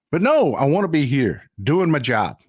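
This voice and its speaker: An older man talks straight into a close, dry mic on his own livestream. His voice sits a bit on the high side, and he speaks plainly and profanely, stopping now and then to read out and thank viewer comments. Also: slightly rough, no echo. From Texas. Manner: blunt, profane, reads viewer comments aloud. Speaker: livestream host.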